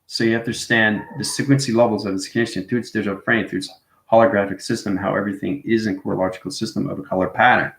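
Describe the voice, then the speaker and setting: A man's voice: fairly low pitch, reverberant, rough recording. A man hosting a casual spiritual monologue, rambling and checking in with "right?" and "you know what I mean" after nearly every point. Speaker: spiritual video host.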